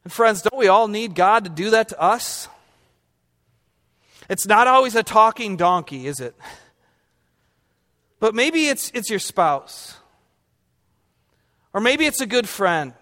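A man's voice: sits high, expressive, slow, long pauses, sharp tone, long reverb tail. A male pastor preaching a conversational sermon, quizzing his congregation and slipping in humorous asides.

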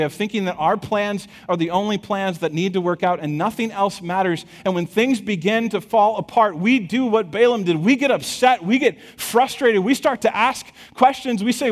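A man preaching a sermon, retelling a scripture story with an animated, chuckling storytelling manner and addressing the congregation directly. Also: high voice, moderate pace, hardly any pauses. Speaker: pastor. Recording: long hall reverb.

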